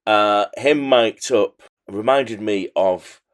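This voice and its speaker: A man chatting as a pundit on a football podcast, animated and rambling, laughing between jokes. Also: lowish voice, takes it slowly. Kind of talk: casual chat.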